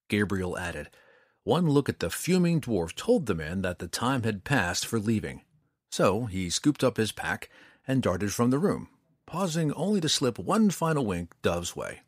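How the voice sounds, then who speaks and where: A man narrating a fantasy story in an expressive storytelling manner. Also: on the low side, normal speed, no room sound, clean studio sound. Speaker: audiobook narrator.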